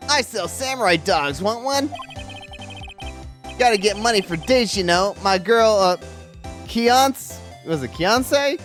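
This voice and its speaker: A woman's voice: medium pitch, lively intonation, slow, pauses often, faint music behind, voice pushed up. Woman doing a whiny, goofy young guy. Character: goofy, whiny young man, lovesick slacker.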